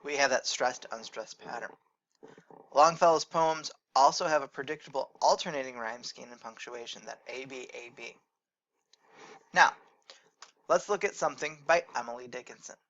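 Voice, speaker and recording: A man teaching a recorded lecture, explaining in a measured way and correcting his own slips as he goes. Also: mid-range voice, a bit bright, highs cut off.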